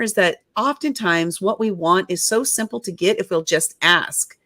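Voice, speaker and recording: Woman in her 50s telling her story on a video call, lowish voice, dry sound, acts out the quotes. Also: moderate pace, bright, forceful tone, no room sound. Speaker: guest author and publisher. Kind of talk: storytelling interview.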